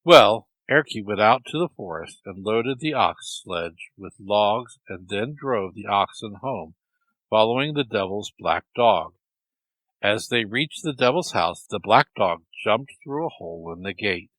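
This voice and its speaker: Lively low-voiced male storyteller. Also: a little slow, no room sound, low-quality recording. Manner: lively, expressive. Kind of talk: storytelling narration.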